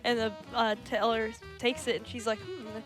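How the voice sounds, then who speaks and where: A woman's voice: on the high side, flat delivery, normal speed, faint music behind. A woman telling a long joke on a stream, playfully giving each character a little voice of their own. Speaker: stream co-host. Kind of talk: telling jokes aloud.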